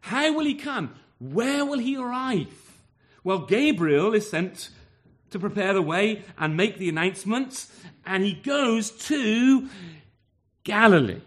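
Preaching to a local church congregation, a man speaks slowly in a voice that sits high. He's lively, firing off rhetorical questions and acting out little exchanges.

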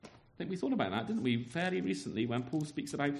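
A man's voice: fairly high pitch, very animated, quick pace, creaky. A man preaching a sermon, asking the congregation rhetorical questions and often repeating his words.

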